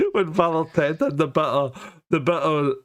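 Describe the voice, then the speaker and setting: Middle-aged Scottish male host, casual stream banter, quick to laugh and swear, slightly raised pitch. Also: fairly bright tone. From Scotland. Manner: jokey, laughs a lot, swears freely. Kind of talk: casual live-stream chat.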